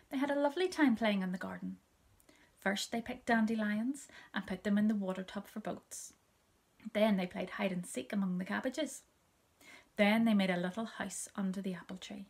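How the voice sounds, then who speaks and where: A woman reading a children's story aloud, soft and gentle, often dropping to a whisper. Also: mid-range voice, vocal fry.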